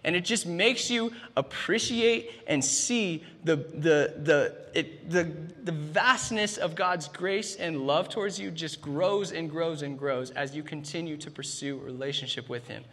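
Emphatic husky pastor in a big hall. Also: male voice, fairly high pitch, a little slow, few pauses, fairly bright tone. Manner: emphatic, repeats "man", frequent restarts. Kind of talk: sermon.

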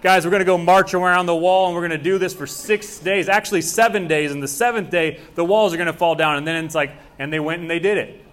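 A man's voice: a little high, fairly bright tone. A young man preaching a sermon as pastor, casual and conversational, acting out bits of dialogue.

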